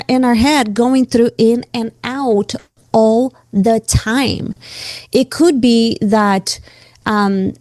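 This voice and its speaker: A woman co-hosting a conversational podcast, speaking in an earnest, reflective, expressive way. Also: a little high, no echo. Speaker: podcast co-host and coach.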